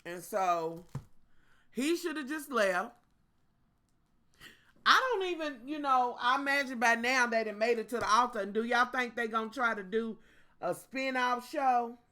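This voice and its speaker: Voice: medium pitch, unhurried, bright, forceful tone. A vlogger, ranting in a sassy, profane way straight to the viewers in a casual storytime. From Kentucky.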